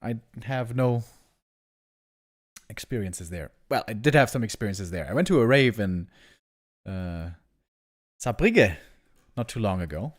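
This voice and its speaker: A man's voice: on the low side, measured pace, pauses often. A man from Germany casting a live strategy game stream, chatting with viewers in playful banter. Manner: playful, animated banter with sudden loud outbursts. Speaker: esports caster.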